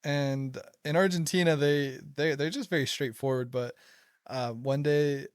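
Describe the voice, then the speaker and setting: A man's voice: a little high, measured pace, clean tone, no room sound, studio quality. A young man hosting a casual chat, telling stories with frequent laughter. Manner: laughs a lot, excitable storytelling. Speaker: podcast host.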